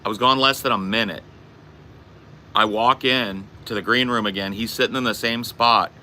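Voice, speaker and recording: A man's voice: lowish voice, fairly even intonation, normal speed, pushed and bright, a little hiss or hum. A man hosting a podcast, telling a casual anecdote with plenty of swearing. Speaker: podcast host. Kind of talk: casual storytelling chat.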